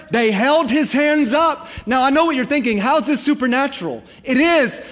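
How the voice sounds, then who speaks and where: A man's voice: extremely high pitch, fairly bright tone, long reverb tail. A man preaching a sermon as pastor, impassioned and calling out to his congregation. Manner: impassioned preaching with call-and-response.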